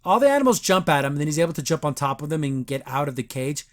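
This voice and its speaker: A man's voice: a little high, sing-song, fast. A man hosting a podcast, casually recapping a cartoon episode in a rambling, sarcastic way. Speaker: podcast host reviewing a cartoon.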